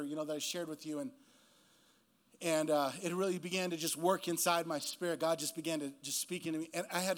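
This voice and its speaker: A man in his fifties, a guest pastor preaching a sermon in a church, telling stories and acting out the people he quotes. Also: a little high. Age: 50s. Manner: animated storytelling preacher who acts out quoted voices.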